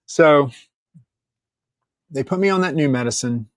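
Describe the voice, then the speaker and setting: A man's voice: mid-range voice, measured pace, no echo. Dry-miked man telling a story. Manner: candid, joking, quotes people in lively asides, swears freely. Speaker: podcast guest. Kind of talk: casual storytelling.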